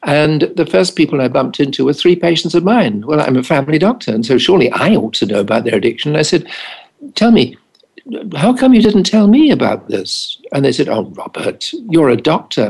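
A man's voice: medium pitch, vocal fry, a little mellow, slightly rough, low-quality recording. An older English man, a family doctor, recounting anecdotes wryly in an interview and acting out the dialogue. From England. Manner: anecdotal, wry, acts out dialogue. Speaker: family doctor and addiction specialist. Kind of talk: storytelling in an interview.

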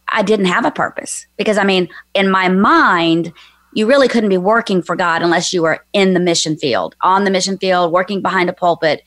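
Woman guest telling a heartfelt faith story, mid-pitched, dry close sound. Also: no echo. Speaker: guest, author and former minister. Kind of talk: personal storytelling on a faith show.

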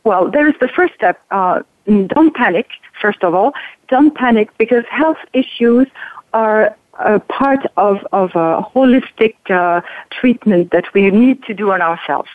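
A woman with a French accent, a guest author who speaks calmly and reassuringly and sometimes searches for her English words. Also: mid-range voice, dry recording. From France. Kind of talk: casual interview talk. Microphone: telephone call-in. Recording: tinny phone line.

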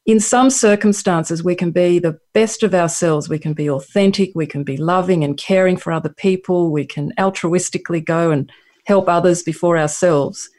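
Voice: mid-range voice, normal speed, darkish tone. Reflective Australian guest author. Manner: reflective, many fillers and restarts. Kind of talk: radio interview answer.

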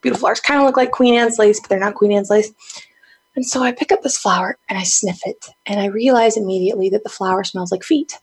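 A woman guest telling a casual story in an animated way, with many fillers. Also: medium pitch, quick pace, breathy edge. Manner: animated, chatty, full of fillers and laughs.

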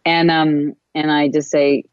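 A wellness coach talks through spiritual self-help ideas in a loose, casual way. The delivery meanders, with frequent pauses and fillers, at a mid pitch. The recording sounds dull and muffled, with a dry, close feel. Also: level tone, clean tone, no room sound.

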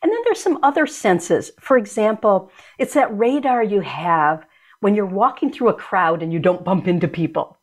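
Woman talking in an interview, kinda searching for words, restarts a lot, middle pitch. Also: expressive, normal speed. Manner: reflective, searching, with repeated restarts. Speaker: guest, author and energy medicine practitioner. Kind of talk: conversational interview.

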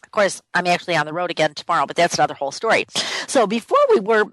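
A woman's voice: fairly low pitch, expressive, very fast, fairly bright tone, no echo, poor audio. A woman hosting a radio talk show from her office, speaking conversationally and repeating her key points for emphasis. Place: home office.

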